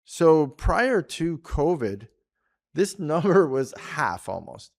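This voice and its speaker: A man's voice: on the high side, sing-song, slow, gravelly. Chatty, rambling Canadian man. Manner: chatty, rambling, laughs often. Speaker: podcast co-host. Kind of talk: casual chat about policy.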